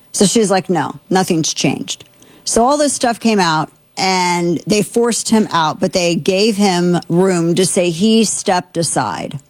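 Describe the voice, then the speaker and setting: A woman host with a lowish voice runs through the day's stories in casual commentary. She is chatty and digressive and often restarts her sentences. The sound is dry and close. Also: no echo. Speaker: show host.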